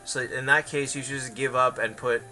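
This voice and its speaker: A man's voice: mid-range voice, steady tone, moderate pace, pushed and bright. A man streaming a game and answering viewers in casual, hesitant chat full of fillers, with faint music behind.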